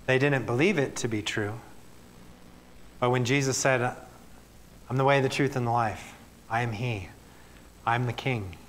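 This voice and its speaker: This is a sermon from a male pastor with a medium-pitched voice, recorded with a little hiss or hum. After reading scripture, he talks to the congregation in a plain, earnest way.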